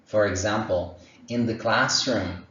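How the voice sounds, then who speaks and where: A male teacher speaks slowly and patiently to young children, his low voice encouraging. He sits a little back from the mic, and the dull recording carries a roomy echo. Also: a bit bright, a little hiss or hum. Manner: slow, encouraging, sounds out animal noises. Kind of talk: online lesson for young children. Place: room at home. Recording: echoey, distant, dull home recording.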